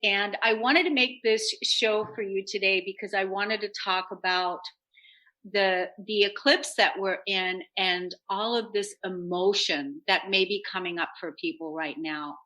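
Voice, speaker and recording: Woman talk radio host: bright, upbeat, earnest self-help chat. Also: mid-range voice, steady tone, unhurried, low-quality recording.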